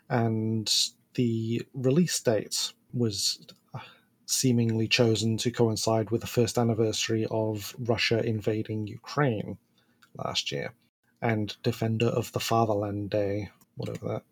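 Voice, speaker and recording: A man with a slightly husky voice co-hosts a podcast in relaxed, chatty talk. He laughs often and trails off into fillers as he goes. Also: fairly low pitch, unhurried. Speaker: podcast co-host. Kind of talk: casual podcast chat.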